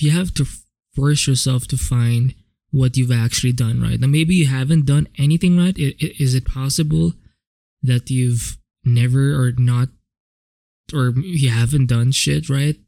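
A man talks alone on his own podcast in a loose, rambling way, dropping curse words and restarting his sentences as he goes. His voice sits at an ordinary pitch with a gravelly edge. The sound is close and dry, with no room around it. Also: unhurried, dark tone, no room sound. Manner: casual, rambling, swears freely, frequent self-corrections. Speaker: podcast host. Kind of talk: solo reflective podcast monologue. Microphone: home podcast microphone.

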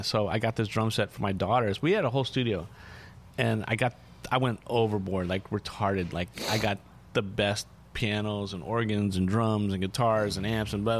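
A man's voice: on the low side, steady tone, normal speed, a little hiss or hum. Profane rambling man telling stories. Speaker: artist guest. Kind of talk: casual storytelling.

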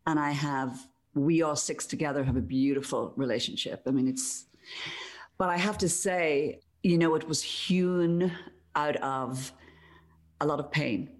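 A woman's voice: deep voice, measured pace. A middle-aged woman with an Irish accent, guest in a casual conversation, speaking reflectively and laughing easily. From Ireland, Donegal.

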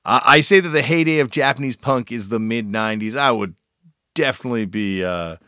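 A man's voice: medium pitch, brisk, bright, forceful tone, no room sound, studio quality. A man hosting a podcast, giving a casual, enthusiastic intro full of fillers and restarts. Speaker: podcast host.

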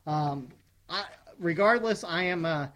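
A man's voice: a little high, measured pace. A man co-hosting a podcast, chatting casually and giving firm opinions, often restarting his sentences. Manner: opinionated, relaxed, frequent restarts. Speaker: podcast co-host. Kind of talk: casual wrestling podcast chat.

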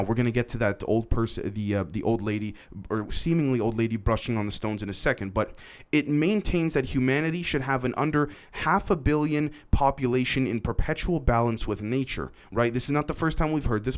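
A man hosts a podcast in a casual storytelling monologue, his voice sitting at an ordinary middle pitch. He rambles a little as he goes and speaks straight to his listeners. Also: brisk. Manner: rambling, conversational, addresses listeners directly. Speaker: podcast host.

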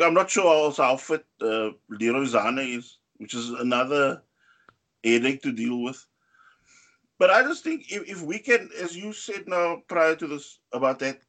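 A man co-hosting a casual football podcast, talking in an animated way with many fillers and pitch rising on key points. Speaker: podcast co-host.

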